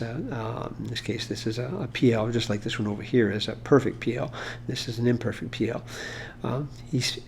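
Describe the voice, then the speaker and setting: A man's voice: medium pitch, gravelly, darkish tone, a little hiss or hum. A man explaining Hebrew grammar in an informal lesson, talking it through with fillers and restarts. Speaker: Hebrew teacher.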